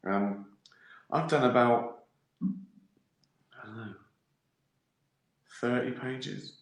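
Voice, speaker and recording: Speaking very slowly at a medium pitch, a man talks live to his viewers on a stream. This comedian wanders off on tangents, rambles and pokes fun at himself, all in an echoey, roomy space.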